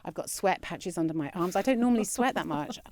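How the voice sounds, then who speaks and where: A woman comedian as a podcast guest, telling a candid story with lively delivery, swearing freely and acting out other people's voices. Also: fairly low pitch, fast, no room sound, clean studio sound. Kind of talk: animated anecdote telling.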